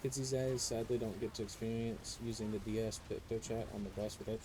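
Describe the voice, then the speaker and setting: Warm-voiced, foul-mouthed young male streamer. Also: on the low side, a little fast, slight background noise, rough recording. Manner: profane, animated ranting storyteller. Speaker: live streamer. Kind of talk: casual chat while gaming.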